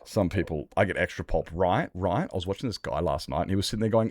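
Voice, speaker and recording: A man chats on a gaming stream, telling rambling stories and swearing freely. His voice sits fairly low. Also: normal speed, hardly any pauses, no echo, studio quality. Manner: sweary, storytelling, laughs often. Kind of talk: casual gaming stream chat.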